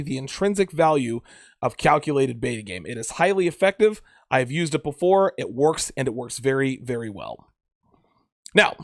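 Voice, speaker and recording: Man, podcast host, crude casual monologue, blunt, repetitive, slightly high voice, very lively pitch. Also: dry recording, clean studio sound. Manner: blunt, profane, emphatic, repeats himself. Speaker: dating advice podcast host.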